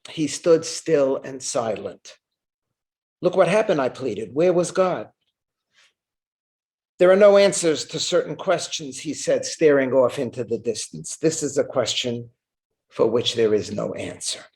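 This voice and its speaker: A man's voice: mid-range voice, lively intonation, measured pace, a little mellow. Older man giving an earnest lecture. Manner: earnest, repeats words for emphasis, reads quotes aloud with feeling. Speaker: rabbi giving a memorial lecture. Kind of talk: lecture with storytelling. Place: synagogue hall.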